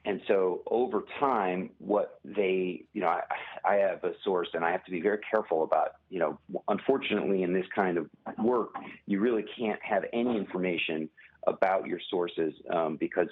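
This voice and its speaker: A man with a deep, husky voice comes through a tinny phone line. He talks as a guest author in an interview, in a measured, halting way, pausing and restarting as he picks his words. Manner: measured, many pauses and restarts.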